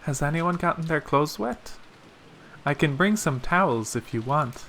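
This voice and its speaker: A man's voice: fairly high pitch, animated, a little slow, fairly bright tone, slight background noise. A man voicing a polite, timid young female maid, reading a visual novel aloud with humble, deferential speech.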